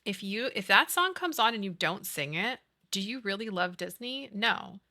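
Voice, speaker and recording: A woman's voice: mid-range voice, animated, normal speed, sharp tone. A woman in her thirties chatting casually on a game stream, gushing and giggly as she talks to her chat. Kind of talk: casual chat with chat while gaming.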